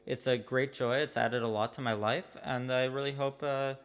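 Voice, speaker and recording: A man telling a comic personal story in a deadpan, mock-earnest way. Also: mid-range voice, moderate pace, smooth, long reverb tail. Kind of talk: comedic personal monologue.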